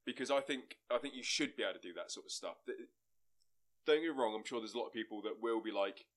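A man's voice: fairly low pitch, fast talker, a bit bright. A man co-hosting a podcast, chatting casually in a rambling, sweary way. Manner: rambling, sweary, restarts sentences. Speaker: podcast co-host. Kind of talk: casual chat.

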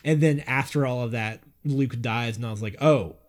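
Excited swearing man chatting. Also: medium pitch, normal speed. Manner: excited, swears a lot, laughs often. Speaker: podcast co-host. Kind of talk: casual chat.

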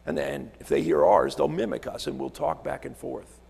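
A man's voice: medium pitch, sing-song, moderate pace, creaky, darkish tone, husky, in a large hall. A man preaching a sermon as a visiting pastor from Alaska, telling stories, repeating words and asking rhetorical questions in a church sanctuary.

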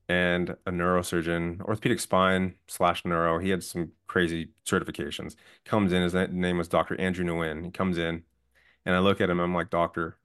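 Guest, man in his 20s, low register, earnest and candid storyteller, plain-spoken. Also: clear, resonant tone. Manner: calm, earnest, candid with profanity. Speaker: podcast guest. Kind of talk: personal storytelling.

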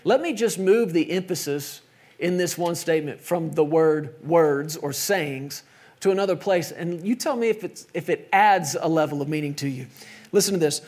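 A middle-aged man preaching a sermon in a conversational way, sometimes dropping to soft, emphatic tones. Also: fairly high pitch, animated, normal speed. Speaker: pastor.

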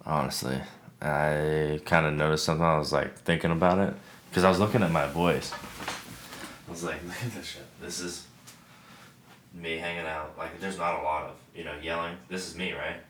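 A man, a military veteran hosting a podcast, in casual chat over drinks, talking in a flat monotone and swearing freely. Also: extremely low pitch, moderate pace, slight background noise. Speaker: podcast host.

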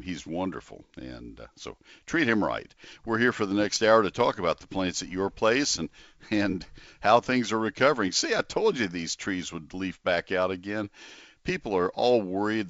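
An older man hosting a call-in garden radio show, chatty and folksy with lively exclamations. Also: low-pitched, moderate pace, dry recording, dull audio. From Texas.

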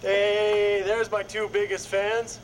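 A man's voice: sits high, flat delivery, slow. An actor playing a goofy, joking comedian uncle in a sitcom, with playful showman patter. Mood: cheerful. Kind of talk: sitcom acting. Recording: noisy TV sitcom clip audio.

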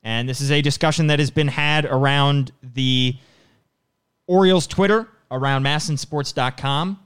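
A man co-hosting a casual sports podcast, talking briskly with frequent restarts. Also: medium pitch, fairly bright tone, clear, resonant tone. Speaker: podcast co-host.

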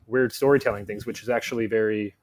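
Low-voiced guy critic talking films, rambly, says like a lot, casual podcast chat. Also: fairly even intonation, quick pace, a little hiss or hum. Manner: rambling, lots of "like" and "uh" fillers. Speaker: film critic, guest correspondent.

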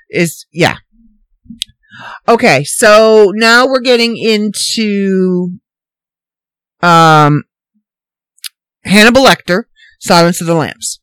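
A woman hosting a casual solo podcast, ranting in an animated, incredulous, rambling way. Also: medium pitch, slow pace, long pauses, smooth, no echo. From Canada. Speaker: podcast host.

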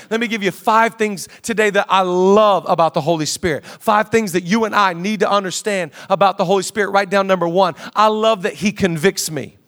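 A man's voice: high-pitched, a bit bright. A man, preaching a sermon as pastor in a casual, joking, storytelling way. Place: large church auditorium.

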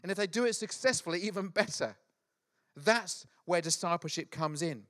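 A middle-aged man preaching a sermon, telling Bible stories in an animated, joking way with quick acted asides. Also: sits high. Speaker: pastor.

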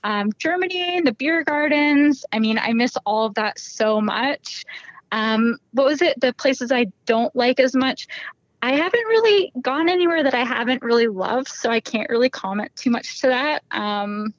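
A woman's voice: high voice, moderate pace, no echo. Young woman, casual podcast chat, laughs a lot, dry lo-fi sound. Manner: chatty, laughs often. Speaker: podcast guest.

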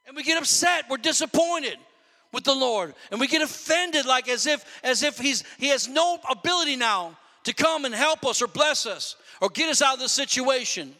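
A man's voice: extremely high pitch, animated, normal speed, sharp tone, long reverb tail. A man preaching a sermon to his congregation in a church, fervent and calling out to the listeners. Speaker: pastor. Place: church sanctuary.

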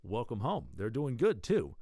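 A man hosts a newsletter podcast, reading his items in a playful, joking way. His pitch swings widely, and the sound is close and dry, with no room around it. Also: a little slow, no echo. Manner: playful, jokey, animated. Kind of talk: casual scripted newsletter reading.

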